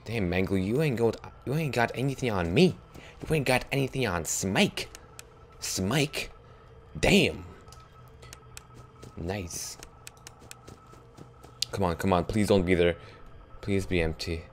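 A young man giving let's play commentary on a horror game, swinging from hushed muttering to sudden yelps. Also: lowish voice, lively intonation, takes it slowly, pauses often, a little hiss or hum. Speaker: gaming YouTuber.

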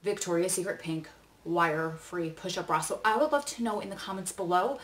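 A woman's voice: on the low side, brisk, far from the mic. A woman in her forties hosting a casual try-on vlog, talking in a chatty, candid, rambling way with lots of fillers. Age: 40s. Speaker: vlog host. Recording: roomy echo.

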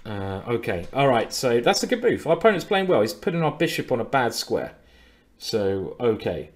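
A man with a mid-range, sing-song voice coaches chess on a live stream at normal speed. He's chatty and playful, often repeating himself, in casual stream commentary.

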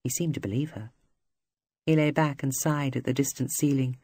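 An audiobook narrator reading scripted literary prose in a measured, even manner. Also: mid-range voice, breathy edge, no room sound, clean studio sound.

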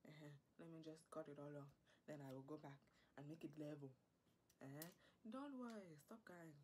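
A woman's voice: sits low, moderate pace, a little mellow, slight background noise, close to an everyday voice. A woman voicing a fussy, doting middle-aged African father with an African English accent, in a whispered role-play, coaxing and pleading. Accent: African English impression. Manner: coaxing, pleading, fussing over the listener.

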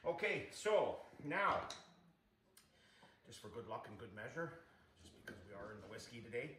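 Guy hosting a home cooking vlog, talky and folksy, echoey kitchen, frying pan sizzling loud. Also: medium pitch, sing-song, normal speed, background noise. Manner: chatty, keeps addressing viewers as "you guys". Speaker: cooking show host. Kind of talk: casual cooking demonstration.

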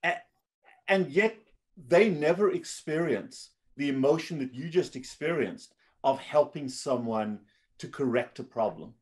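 A man hosting a conversation as a physician, speaking enthusiastically in quick bursts with repeated restarts. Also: on the high side, animated. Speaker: physician host. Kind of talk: conversational interview.

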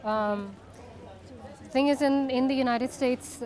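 Deadpan woman comic, somewhat high voice, measured and dry. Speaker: guest comedian. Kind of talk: interview answers.

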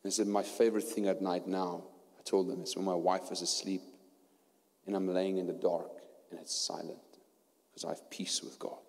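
A man with a South African accent preaching a sermon and telling his story, going from hushed tones to loud preaching. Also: low-pitched, flat delivery, moderate pace. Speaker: pastor. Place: church hall. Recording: long hall reverb.

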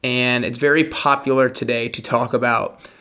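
A man's voice: mid-range voice, steady tone, normal speed, bright, forceful tone. A man hosting a podcast interview, asking loose, searching questions with many restarts. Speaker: podcast host.

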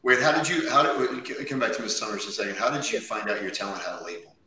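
Bright-toned male host in a roomy space. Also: on the low side, lively intonation, racing, recorded from a distance, a little hiss or hum. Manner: curious, interjects with follow-up questions. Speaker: podcast host. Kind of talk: interviewer conversation.

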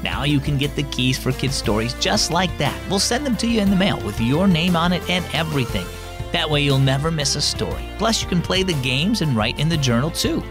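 A man hosting a children's devotional program, narrating scripted stories in an upbeat, friendly way. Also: fairly high pitch. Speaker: host.

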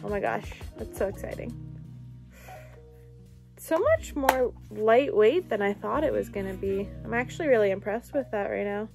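A young woman unboxing a new camera in a casual vlog, gushing with excited exclamations. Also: medium pitch, normal speed, gravelly, faint music behind. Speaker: vlogger.

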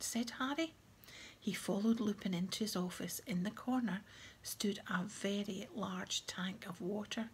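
Gravelly woman reading an audiobook softly. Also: mid-range voice, fairly even intonation, a little slow, slight background noise. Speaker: audiobook narrator.

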